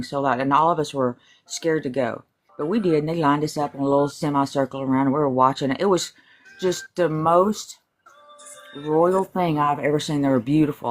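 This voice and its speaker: An adult telling a personal story in a casual group chat, animated and acting out quoted lines. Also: mid-range voice.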